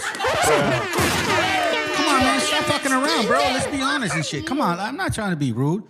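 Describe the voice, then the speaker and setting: A man's voice: high voice, sing-song, moderate pace, loud music behind the voice. A man hosting his channel, ranting through biblical commentary with heavy swearing and repeated challenges to viewers. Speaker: channel host. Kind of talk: profane biblical commentary rant.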